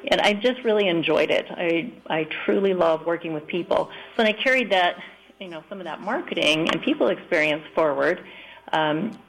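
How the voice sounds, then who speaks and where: A woman's voice: fairly low pitch, moderate pace, gravelly, poor audio. A woman from South Dakota, a guest on a radio show, answering questions in a friendly, earnest way with many fillers. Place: radio studio.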